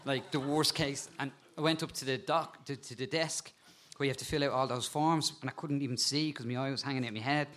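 A man with an animated way of telling stories, a guest talking casually about insects and spiders and laughing at times. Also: mid-range voice, brisk, hardly any pauses, slight background noise. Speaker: guest, insect and frog expert. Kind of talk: casual storytelling chat.

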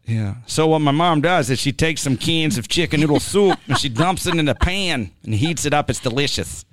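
A man's voice: fairly high pitch, expressive, moderate pace, no echo, studio quality. A man hosting a podcast, chatting casually and rambling with lots of fillers and jokes. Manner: rambling, joking, many fillers. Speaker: podcast host. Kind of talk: casual chat.

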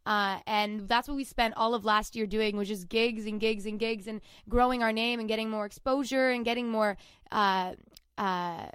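Casting: young woman guest, rambling casual talker, a touch high, smooth and clear. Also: steady tone, normal speed, fairly bright tone, no echo, studio quality. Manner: chatty, rambling with many fillers. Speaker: singer-songwriter guest. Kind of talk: casual interview chat.

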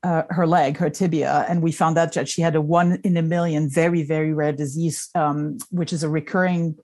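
A woman's voice: deep voice, fairly even intonation, normal speed, a little mellow. Middle-aged woman telling a candid story. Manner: candid, emotional, storytelling with self-deprecating humor. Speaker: guest. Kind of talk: casual conversation.

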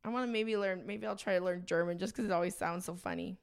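A woman's voice: fairly low pitch, fast, clean tone. A woman co-hosting a podcast in casual comedic chat, chatty and often giggling. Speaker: podcast co-host.

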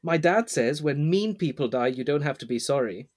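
Small curious boy of four, high childlike voice, read aloud by a man. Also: expressive, moderate pace, darkish tone. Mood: curious, blunt.

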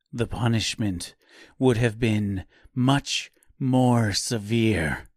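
A man's voice: on the low side, a little mellow, dry recording, studio quality, heavily acted. A man voicing a cold, stern forest woman.

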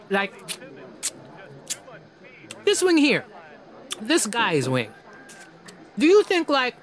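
An actor playing an overweight, teasing interrogator who rambles and drops into quiet menace. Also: male voice, high voice, full character voice. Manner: rambling, teasing, sudden swings between loud excitement and quiet menace. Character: menacing, overweight male interrogator, probing and mocking. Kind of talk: film drama dialogue.

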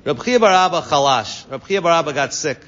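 A man's voice: a little high, expressive, brisk, fairly bright tone. A man teaching a Talmud class to students, translating each Aramaic phrase into English. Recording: dull lo-fi recording, long reverb.

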